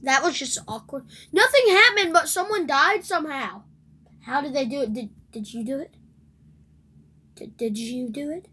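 A woman hosting a let's play video, rambling and excitable, shrieking whenever something surprises her in the game. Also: sits high, normal speed. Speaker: gaming video host.

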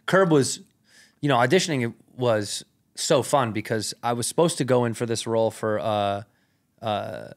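This podcast guest, a comedian with a mid-range voice at normal speed, tells a long anecdote into a studio mic. The chat is relaxed and slang-filled, with swearing and plenty of "like" and "rad."

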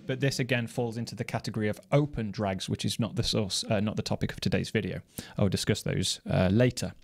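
A man explaining drum technique in a measured, precise, methodical way. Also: lowish voice, steady tone, vocal fry. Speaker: drum teacher. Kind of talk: instructional explanation. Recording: loud noise from snare drum playing. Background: snare drum playing.

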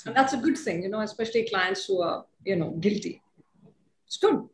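A woman in her forties, a lawyer and guest, telling stories in a casual, animated and self-mocking interview chat. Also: mid-range voice, brisk. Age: 40s. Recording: echoey room, faint noise.

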